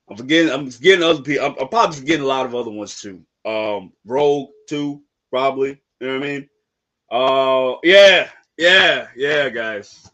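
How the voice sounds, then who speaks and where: A young man on a live reaction stream, talking in slang and breaking into shouted outbursts. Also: mid-range voice. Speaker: streamer reacting to a manga chapter.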